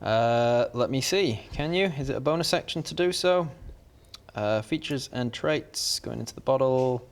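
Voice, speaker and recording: A man's voice: medium pitch, expressive, normal speed. Patient game master, man. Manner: explains rules patiently, laughs easily. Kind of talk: running a tabletop game.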